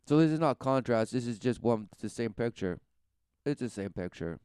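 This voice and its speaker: A man's voice: mid-range voice, lively intonation, moderate pace, darkish tone, clear, resonant tone, dry recording, studio quality. A man preaching in a rambling talk, often tossing in rhetorical questions. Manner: rambling, keeps asking "who knew" and "right?".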